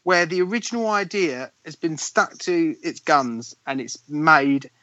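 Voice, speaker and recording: Guy, kinda high bright voice, pushy in an argument, dry dull lo-fi sound. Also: measured pace, no room sound. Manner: insistent, argumentative. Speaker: podcast co-host. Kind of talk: casual film debate. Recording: dry, slightly dull lo-fi recording.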